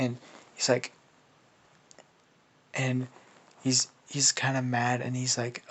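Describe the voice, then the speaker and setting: A man's voice: mid-range voice, level tone, measured pace, pauses often, a bit bright. A man casually making up a story as he goes, rambling and swearing, with lots of restarts. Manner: rambling and profane, with many restarts and laughs. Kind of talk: casual improvised fan storytelling.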